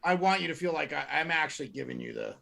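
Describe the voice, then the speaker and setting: A gravelly, bright and somewhat high man's voice, chatting as a podcast co-host over a video call. He rambles and restarts his sentences often, so his talk comes out halting. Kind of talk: casual chat.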